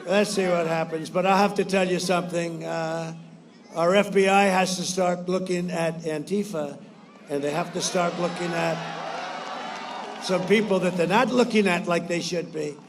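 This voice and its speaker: A man with a fairly high voice holds forth at a campaign rally. He brags, repeats himself, and swings between loud bursts and quieter asides, acting out other people's words in quotes. A faint hiss of noise sits behind him. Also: steady tone, moderate pace. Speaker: politician addressing supporters.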